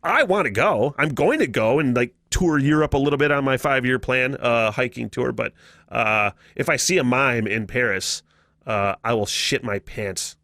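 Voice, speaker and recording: A man's voice: medium pitch, moderate pace, fairly bright tone, no room sound. An American man hosting a casual solo podcast, profane and laughing often, on a close mic. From United States. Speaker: podcast host.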